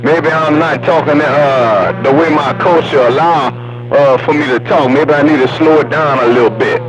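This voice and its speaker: A man's voice: a little high, moderate pace, muffled recording, over loud music. A man talking on a CB radio in a folksy, drawling, teasing way. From Southern US. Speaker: CB radio caller. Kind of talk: casual CB radio chat.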